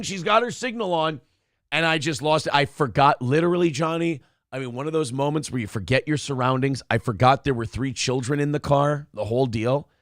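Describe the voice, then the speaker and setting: A man's voice: a little high, dry recording, clean studio sound. A middle-aged man co-hosting a casual talk show, telling stories with lots of swearing. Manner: animated storytelling, swears freely. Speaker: podcast co-host. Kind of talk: casual chat.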